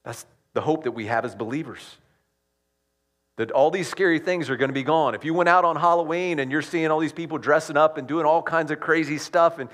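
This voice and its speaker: Man, pastor, sermon, emphatic, loud rises and soft drops, conversational asides. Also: a little high, fairly quick.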